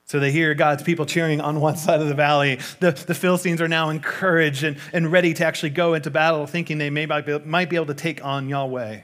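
Animated man preaching a sermon. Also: fairly high pitch, fast, hardly any pauses. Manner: conversational, animated storytelling with asides.

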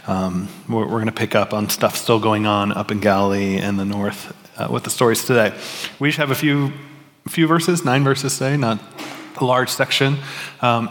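Preaching in an echoing church sanctuary, this pastor has a lowish, slightly bright voice. His sermon is relaxed and self-mocking, full of fillers and false starts.

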